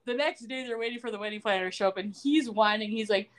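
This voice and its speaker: A woman's voice: on the high side, fast. A woman hosting a podcast, recapping a TV episode in casual chat and acting out the characters' lines. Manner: animated storytelling, acts out quoted lines.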